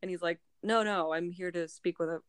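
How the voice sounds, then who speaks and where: A woman with a notably low-pitched voice talks through a novel's plot in loose, rambling chat, stacking "like" and "um" as she goes. Her speech is recorded close and dry, with no room sound around it. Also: fairly quick, clean tone, no echo. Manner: rambling, animated retelling with filler words. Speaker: book club podcast co-host. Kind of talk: casual chat recapping a novel.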